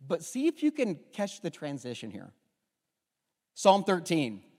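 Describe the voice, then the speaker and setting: A man preaching a sermon as pastor, passionate, moving from hushed, intimate moments to loud emphatic lines. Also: fairly high pitch, huge pitch swings, measured pace, in a large hall. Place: church sanctuary.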